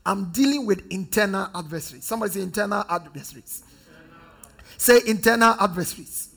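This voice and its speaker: A high-voiced pastor from Ghana preaches with fervour and leads his congregation in call-and-response. His voice is gravelly and husky, and he swings between ringing declarations and near-whispered repetition. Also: lively intonation, brisk. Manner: emphatic, repetitive preaching, swings from loud to hushed.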